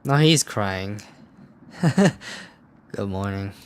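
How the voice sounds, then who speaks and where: A young man playing a text game, reading its story aloud in a hushed narrating voice and breaking off into profane, laughing commentary. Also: on the low side, animated, very slow, clear, resonant tone. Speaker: let's play gamer.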